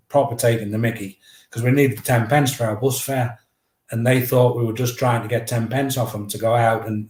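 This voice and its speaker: A middle-aged man, telling a story at a mid pitch in a lively, casual way and acting out each bit of dialogue. His voice carries a roomy echo. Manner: lively, anecdotal, acts out dialogue. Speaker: guest, memoir author.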